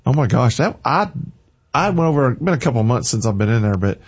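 A man with a Southern American drawl hosts a folksy, rambling radio chat. His voice is a little husky, and the recording sounds dull and lo-fi. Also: mid-range voice, sing-song, fast. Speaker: radio host.

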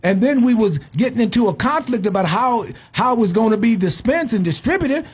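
A man hosting a call-in radio talk show, arguing forcefully and cutting in with repeated objections. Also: very high-pitched, expressive, brisk, breathy edge. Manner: forceful, interrupts, repeats himself. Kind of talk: heated call-in debate. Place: radio studio.

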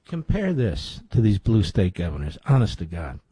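A man's voice: fairly low pitch, sing-song, moderate pace, mellow. A man hosting a talk radio show, giving emphatic, insistent commentary.

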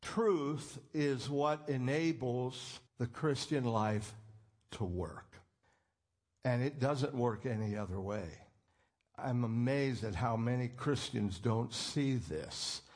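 A man's voice: medium pitch, slow pace, darkish tone. A man preaching a sermon in an earnest, emphatic way, quoting scripture as he goes.

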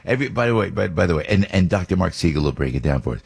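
A middle-aged American man with a very deep, husky voice hosts a talk radio show. He rambles from one opinion to the next and often restarts his sentences. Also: very fast. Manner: rambling, animated, with many restarts and asides.

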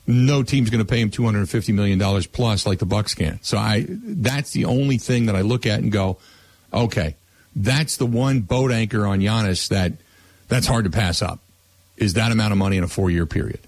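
A man's voice: fairly low pitch, moderate pace, a little mellow, slightly rough, no echo. A man hosting a sports talk radio show and taking calls, talking casually and repeating words as he starts his sentences.

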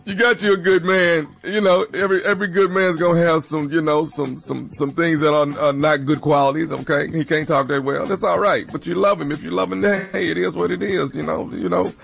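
Laid back guy cohost, gravelly, bit high voice, rambling jokey advice. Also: fairly even intonation, a little fast, few pauses, fairly bright tone. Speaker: radio co-host. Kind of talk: casual comedic advice.

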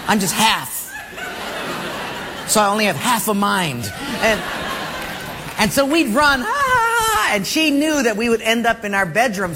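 A man preaching a sermon as a pastor, telling jokey stories and laughing along with them. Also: sits high. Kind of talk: humorous sermon storytelling. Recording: long hall reverb, faint background noise.

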